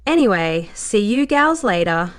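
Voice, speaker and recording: A woman's voice: medium pitch, animated, normal speed, lightly acted. A woman voicing a cheerful, naive young dancer with a Southern accent, talking in a bubbly, gushing way.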